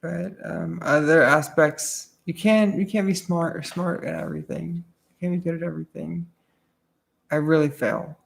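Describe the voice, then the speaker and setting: A woman streamer in a casual, confessional chat, rambling and swearing, often trailing off quietly. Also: lowish voice, fairly even intonation, normal speed, vocal fry, hardly any pauses.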